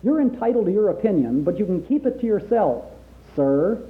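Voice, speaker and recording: Indignant outspoken crewman, read by a man, animated, phone-line sound. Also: sits high, fairly quick, voice pushed up. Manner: outspoken, heated. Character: indignant young male crewman defending townsfolk.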